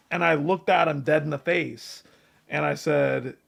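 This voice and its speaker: Male streamer, slightly high and gravelly, hyped and swearing while he reads chat. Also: moderate pace. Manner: excitable, profane, reads chat names aloud. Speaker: livestream host. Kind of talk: casual livestream chat.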